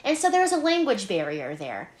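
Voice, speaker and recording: A woman's voice: medium pitch, fairly quick. A young woman co-hosting a casual podcast, telling a work story with lots of swearing and laughter. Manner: animated, swears freely, laughs while telling. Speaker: podcast co-host, hotel front desk worker.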